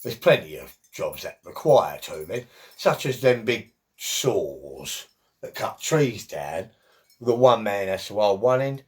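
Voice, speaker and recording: A man's voice: lowish voice, sing-song, slow, a little mellow. A middle-aged man, talking in a chatty, rambling monologue full of jokey asides.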